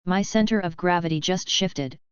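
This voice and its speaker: A woman reading the lines of a tense young woman in a storybook audiobook, rattled and quick. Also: on the low side, clear, resonant tone, no room sound, lo-fi sound, natural voice.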